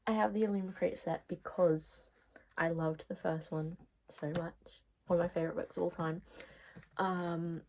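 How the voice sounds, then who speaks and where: A woman's voice: fairly low pitch, steady tone, moderate pace, warm tone, slight background noise, rough recording. A woman chatting casually to camera about books, self-deprecating and sometimes dropping into whispered asides. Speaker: book vlogger.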